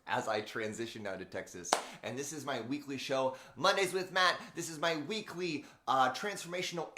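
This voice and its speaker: Male host, bright voice, rambling and chatty, echoey empty room, live-stream feel. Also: a little high. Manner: chatty, rambling, laughs often, greets viewers by name. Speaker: host, transformational speaker and coach. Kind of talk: unscripted live-stream talk. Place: room in a new house being made into a studio. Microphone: camera framing, live stream.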